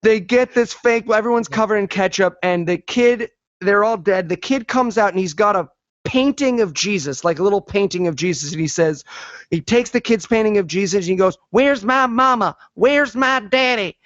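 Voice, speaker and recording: A man with a fairly high voice retells a film scene by scene for laughs, jumping into little character voices along the way. The sound is dry and close, with a dull, slightly lo-fi edge. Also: a little fast, no echo. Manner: animated storytelling with voiced impressions. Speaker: podcast co-host. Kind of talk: comedic movie recap.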